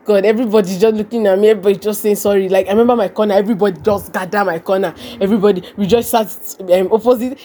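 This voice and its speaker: A woman's voice: mid-range voice, racing, hardly any pauses. A young woman with a Nigerian accent, telling a story in casual conversation, repeating her phrases and acting out what people said. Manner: animated, repeats phrases and acts out quoted speech. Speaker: podcast guest.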